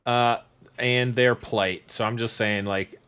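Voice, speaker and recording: A man's voice: mid-range voice, steady tone, takes it slowly, a crowd in the background. Rambling, sarcastic male podcast co-host. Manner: rambling, sarcastic, trails off often. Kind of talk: casual podcast chat.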